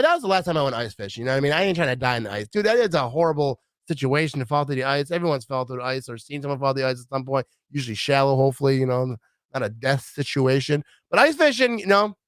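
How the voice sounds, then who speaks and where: Brief: middle-aged Midwestern-born man, lively swinging delivery, dry close recording. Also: on the high side, clean tone, no echo. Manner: rambling, animated, acts out quoted voices. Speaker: vlogger. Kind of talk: casual rambling monologue.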